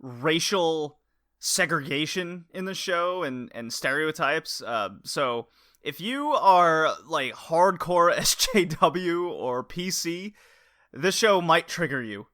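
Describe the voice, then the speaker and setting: Podcast co-host, man, lively and bright, stumbles and restarts his phrases. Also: a little high, slow, no echo, studio quality. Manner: repeats words while searching for them. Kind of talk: casual chat.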